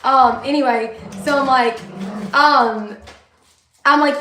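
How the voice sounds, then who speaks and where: A woman's voice: high-pitched, slow, long pauses, pushed and bright, reverberant, slight background noise. A woman in her thirties, telling her own story to viewers in a candid, blunt way, swearing freely and using many fillers. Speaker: vlogger sharing her story. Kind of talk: casual personal storytelling, talking to viewers.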